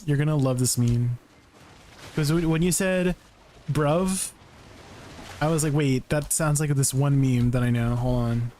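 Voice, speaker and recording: A man's voice: mid-range voice, fairly even intonation, normal speed, mellow, slight background noise. A young man streaming a game, chatting casually with viewers, easily amused and rambling with restarts; he is not British. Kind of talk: casual live-stream chat while gaming.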